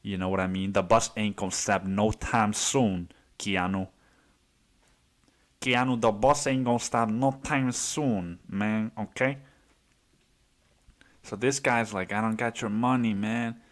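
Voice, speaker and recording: Rambling, profane storyteller man, low voice. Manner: profane, rambling, fills nearly every phrase with "dude"; acts out other people's lines in quick voices. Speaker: podcast host. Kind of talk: casual storytelling monologue.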